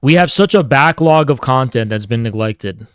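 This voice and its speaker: A man's voice: mid-range voice, lively intonation, normal speed, clean tone, no room sound, studio quality. A man hosting a livestream, ranting casually with heavy swearing and mock-grandiose taunts. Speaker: livestream host. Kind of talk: casual streaming rant.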